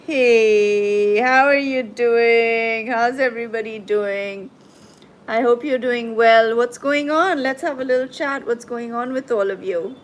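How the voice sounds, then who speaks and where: A woman hosting a live tarot and coaching stream, talking gently and reassuringly to her viewers as she reads their comments. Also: fairly high pitch, rough recording. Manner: soothing, reassuring, slow and gentle.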